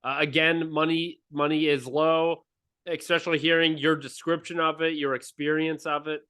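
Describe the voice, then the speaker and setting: A man's voice: on the high side, little pitch movement, normal speed, fairly bright tone, clear, resonant tone. Joking man hosting a gaming podcast. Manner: joking, playful questions. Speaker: podcast host. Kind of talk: casual podcast chat.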